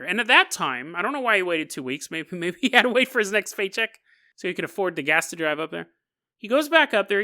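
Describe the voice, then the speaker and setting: A male podcast host with a high-sitting, sharp voice retells a strange story comedically. He laughs and chuckles through the telling and keeps adding jokey asides.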